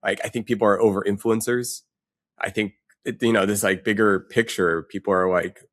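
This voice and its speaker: A man's voice: fairly low pitch, fairly even intonation, moderate pace, fairly bright tone. A man on a podcast, asking questions and reflecting in a casual tone.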